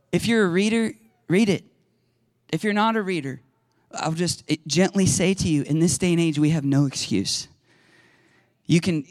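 A middle-aged pastor delivers a conversational sermon in a slightly raised voice. He talks to the congregation like friends, then erupts into loud, excited shouting. The sound is close and dry. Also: on the high side, no room sound.

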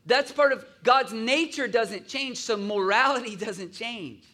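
A man's voice: extremely high pitch, measured pace, sharp tone. A man preaching a sermon in a conversational way, often asking his listeners to agree and acting out grumbling voices in asides. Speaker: pastor.

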